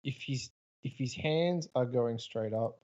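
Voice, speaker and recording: Mellow-voiced man on a dull mic. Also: medium pitch, measured pace. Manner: short agreeing remarks. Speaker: podcast co-host. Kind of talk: casual basketball chat.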